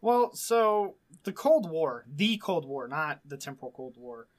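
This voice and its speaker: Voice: medium pitch, big pitch swings, measured pace. A podcast co-host recapping in casual chat, rambling with lots of "like". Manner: rambling, recaps with many fillers.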